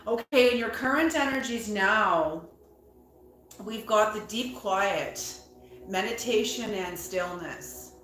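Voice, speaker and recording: A woman giving a tarot reading in a slow, musing way, repeating her words and bursting into excitement now and then. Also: medium pitch, reverberant, slight background noise, rough recording. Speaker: tarot reader.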